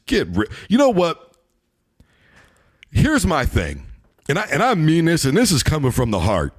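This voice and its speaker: Male sports opinion host, heated and emphatic, very lively intonation. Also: medium pitch, a little slow. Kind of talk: opinionated sports commentary monologue.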